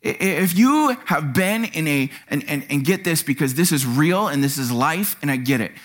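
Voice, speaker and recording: Animated male preacher with a lively voice. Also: moderate pace. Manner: animated, acts out quotes with sudden pitch jumps. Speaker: pastor. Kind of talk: sermon. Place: church.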